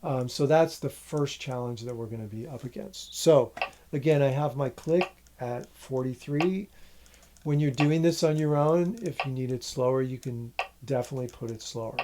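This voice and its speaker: A man teaching a music lesson, patiently explaining a rhythm and counting its syllables out loud. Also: mid-range voice, normal speed, background noise.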